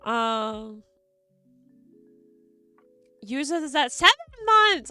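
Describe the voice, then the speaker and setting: A woman's voice: high-pitched, big pitch swings, slow, long pauses, pushed and bright. A young woman streamer chatting casually with viewers, giggly and effusive, swearing freely. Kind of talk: casual live-stream chat reading viewer messages. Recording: faint music behind.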